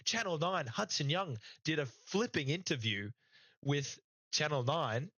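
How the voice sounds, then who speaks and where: Young Aussie podcast host, loud and swearing, bright forceful tone, dry close sound. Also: male voice, on the high side, lively intonation, unhurried, dry recording, poor audio. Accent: Australian. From Australia. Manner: fired-up, swearing, mock-outraged. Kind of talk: casual sports podcast rant.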